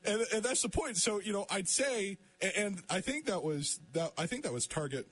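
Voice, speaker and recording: A man's voice: sits high, expressive, a bit bright, husky. A young man hosting a casual radio talk show, stumbling and restarting his sentences as he chats. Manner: halting, many restarts, laughs often.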